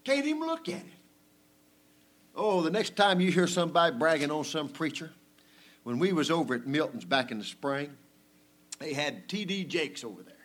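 A male preacher, delivering a folksy, conversational sermon that swings between loud emphasis and hushed asides. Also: a little high, animated, normal speed.

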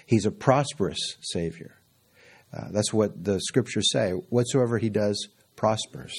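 A man's voice: on the low side, measured pace, gravelly, husky. A middle-aged man preaching a sermon fervently, repeating phrases and laughing often. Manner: fervent, with frequent laughs and repetition.

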